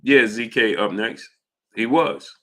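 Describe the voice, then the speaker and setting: A boxing live-stream host with a medium-pitched voice that's slow, creaky and a bit bright delivers casual commentary. He argues with chat, repeats himself and calls out viewers by name.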